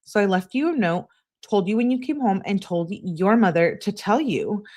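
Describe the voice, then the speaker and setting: A woman on a live stream reading text messages aloud in a steady voice, breaking off to answer her chat. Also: mid-range voice, moderate pace. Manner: flat reading, asides to chat.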